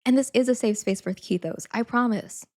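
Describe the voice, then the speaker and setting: A woman's voice: fairly high pitch, normal speed, a little mellow. A young adult woman chatting casually on a live stream, laughing often, saying "like" a lot and thanking viewers again and again.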